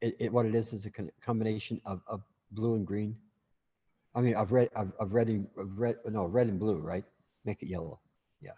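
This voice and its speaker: A man's voice: on the low side, fairly even intonation, a little fast, warm tone, husky, long reverb tail. A man teaching a class in a casual, rambling way, full of restarts and asides.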